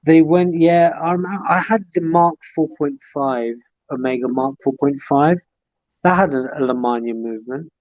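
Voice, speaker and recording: A man's voice: on the high side, moderate pace, darkish tone, dry recording, lo-fi sound. A man hosting a livestream on a video call, chatting at length and reminiscing in detail. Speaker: livestream host. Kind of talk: casual chat.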